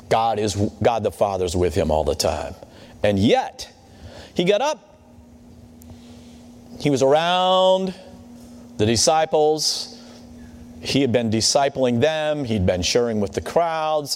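A man preaching a sermon in a conversational way, often checking in with his listeners. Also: medium pitch. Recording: long hall reverb.

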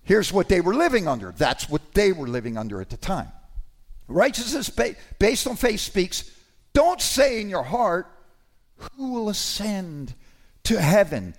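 A man preaching a sermon to his congregation, conversational and animated, with sudden emphatic rises. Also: high-pitched, a little slow.

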